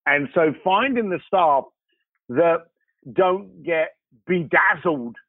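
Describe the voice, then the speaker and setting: Here the concierge business owner talks slowly in a voice on the high side, still playing out the dialogue of his interview anecdotes with animated flair. Dry, echo-free audio with a thin, phone-line quality.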